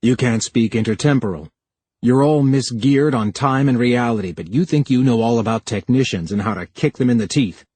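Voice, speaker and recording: A man's voice: mid-range voice, normal speed, husky, dry recording, lightly acted. A man reading a tense, bitter young official. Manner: bitter, sharp retorts. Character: young male time official, tense and defensive.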